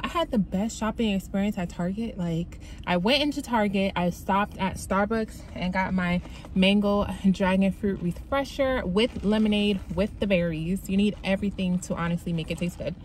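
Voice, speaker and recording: A young woman, a foster mom, chatting casually to her viewers in a laughing, talkative vlog manner. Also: medium pitch. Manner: chatty, laughing, says y'all and child.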